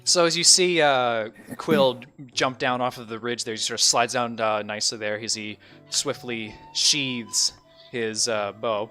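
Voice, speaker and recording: Rambling, bright-voiced male dungeon master. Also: medium pitch, a little slow, faint music behind. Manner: rambling, laughing, frequent fillers. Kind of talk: narrating a tabletop game.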